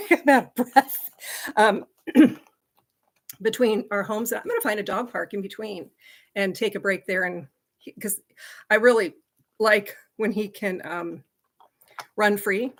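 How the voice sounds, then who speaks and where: A woman's voice: mid-range voice, steady tone, unhurried, pauses often, a bit bright. A middle-aged woman chats loosely on her own livestream. She laughs easily and keeps stopping to speak to her dog. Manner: chatty, laughing often, talking to her dog. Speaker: livestream host. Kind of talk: casual livestream chat.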